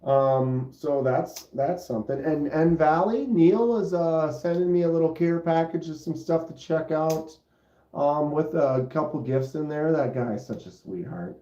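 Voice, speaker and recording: The knife channel host has a warm, somewhat high voice and speaks a little slowly. Rambling casually through his live stream, he stays laid-back and relies on plenty of fillers. His phone microphone gives the audio a muffled, roomy quality.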